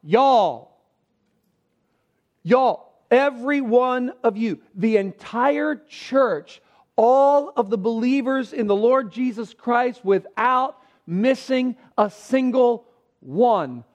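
A man preaching a sermon, reading scripture aloud and stressing key words with shifting pace and loudness. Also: very high voice, dull audio. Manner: emphatic preaching with pauses, varied pace and loudness. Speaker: pastor.

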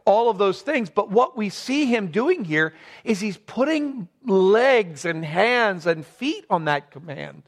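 A man's voice: high-pitched, lively intonation, a little slow. A man preaching a sermon, earnestly stressing key words and posing rhetorical questions.

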